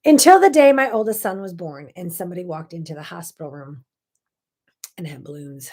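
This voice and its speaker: A woman hosting her own casual morning talk show, telling stories with lively energy and sudden bursts of loud emphasis. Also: fairly low pitch, a little fast. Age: 30s or older. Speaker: host.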